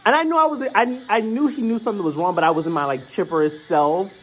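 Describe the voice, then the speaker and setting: A man's voice: sits high, fast, faint music behind. A young adult man in a late-night confessional vlog, talking at home in a rambling, emotional way with lots of filler words. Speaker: vlogger.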